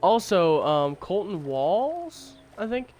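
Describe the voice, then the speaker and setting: A man's voice: high-pitched, sing-song, slow pace, darkish tone, soft background music. A tired young man streaming a game, chatting in a rambling, opinionated way with lots of fillers and restarts. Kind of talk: casual chat while gaming.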